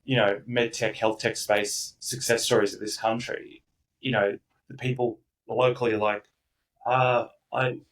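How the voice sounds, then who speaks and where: A man's voice: on the low side, level tone, moderate pace, distant mic, rough recording. A man speaking as a company founder guest in a casual podcast interview, emphatic and enthusiastic, acting out the voices of the people he quotes.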